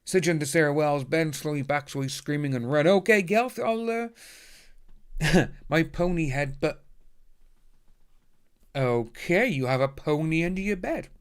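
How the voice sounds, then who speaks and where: A man's voice: fairly high pitch, unhurried, long pauses, smooth. A man hosting a casual livestream, chatting upbeat and thanking viewers by name as he reads the chat. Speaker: livestream host reading chat. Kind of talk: casual live stream chat.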